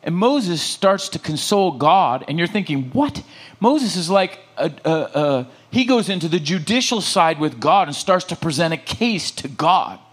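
A man preaching in church, his voice sitting a bit higher than most men's. He tells stories and acts out the dialogue, checking in with the congregation as he goes. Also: normal speed, few pauses. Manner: animated storytelling, acting out dialogue. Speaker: pastor. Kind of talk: sermon.

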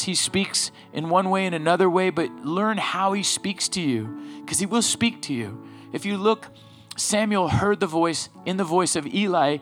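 A middle-aged man gives a sermon at an ordinary mid pitch. He speaks loosely and conversationally, leaning on personal stories and then lifting into emphatic, urgent exhortation. Faint instrumental music plays quietly in the background. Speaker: pastor.

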